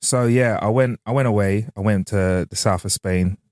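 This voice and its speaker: A man's voice: fairly low pitch, normal speed, darkish tone, dry recording, clean studio sound. A man co-hosting a podcast, telling stories in a laid-back, slangy way. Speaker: podcast co-host. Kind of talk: casual chat.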